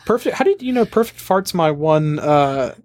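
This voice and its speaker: A man trades crude, deadpan remarks in a casual comedy chat. His voice sits a bit high. The sound is dry and close, with no room to it. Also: normal speed, dry recording. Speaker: co-host.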